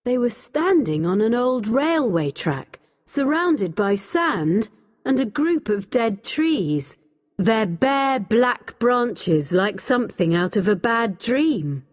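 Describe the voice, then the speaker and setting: A woman narrating a story for English learners in a slow, expressive reading voice. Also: on the high side. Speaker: audiobook reader. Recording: long hall reverb.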